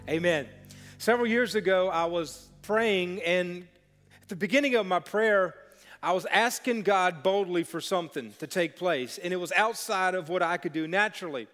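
High-voiced pastor preaching in a reverberant church. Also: male voice, moderate pace, a bit bright, faint music behind. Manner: storytelling with playful character voices. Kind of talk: sermon. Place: church sanctuary. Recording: long hall reverb.

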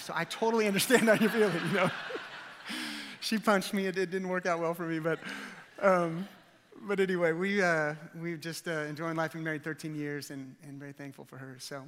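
A man's voice: fairly high pitch, fairly even intonation, brisk, a bit bright, in a large hall, a little hiss or hum. A man in his thirties from the Dallas area, a guest preacher giving a chatty, joking sermon in a church with many fillers and restarts. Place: church auditorium.

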